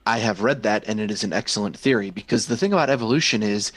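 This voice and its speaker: A man's voice: on the low side, fast, a bit bright, no echo. A man co-hosting a podcast, explaining earnestly in a casual chat. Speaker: podcast co-host.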